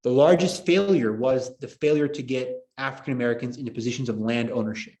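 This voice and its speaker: Rambling, excitable male history teacher. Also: mid-range voice, fast talker. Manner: rambling, excitable, laughs at own jokes. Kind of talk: casual online class lecture.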